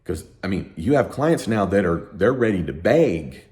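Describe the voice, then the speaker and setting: A middle-aged accountant talking to camera in a heated, emphatic rant, sleep-deprived and worked up. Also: male voice, deep voice, moderate pace. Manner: emphatic, ranting, animated. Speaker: accountant and tax educator. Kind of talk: heated unscripted talk to camera.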